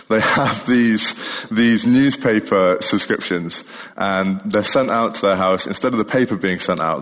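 A man's voice: on the low side, in a large hall. A young man preaching a sermon in a casual, chatty way, often laughing as he talks. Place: church.

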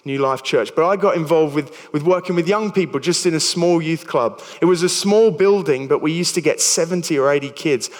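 A man's voice: a little high, a little fast, hardly any pauses, in a large hall. A man in his thirties with an Australian accent, preaching a sermon in a chatty, stumbling way with self-deprecating jokes. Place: church hall.

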